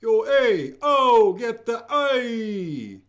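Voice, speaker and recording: A man putting on a loud, brash New Jersey Italian-American accent and playing a rowdy tough guy. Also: very high-pitched, sing-song, extremely slow, voice pushed up, exaggerated voice. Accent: New Jersey Italian-American, put on.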